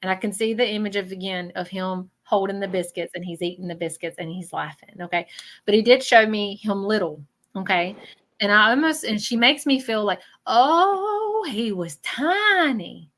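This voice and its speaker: Casting: woman, psychic medium hosting a live reading, chatty, bright tone. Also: mid-range voice, brisk, poor audio. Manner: chatty, keeps checking in with 'okay?'.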